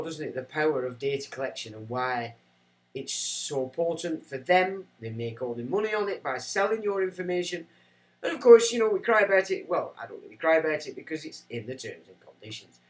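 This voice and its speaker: A man's voice: on the high side, poor audio. A man hosting a livestream, rambling and self-mocking as he chats to viewers. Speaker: livestream host. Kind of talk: casual livestream chat.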